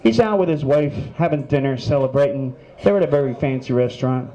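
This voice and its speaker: A man's voice: medium pitch, brisk, lo-fi sound. A man telling crude stand-up jokes and bantering with the audience. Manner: heckle-tossing, loud crude storyteller. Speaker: comedian. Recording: live club with crowd noise.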